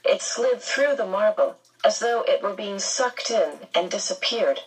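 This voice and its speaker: A woman narrating an audiobook in a measured, unhurried storytelling manner. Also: mid-range voice, expressive, breathy edge, distant mic, rough recording.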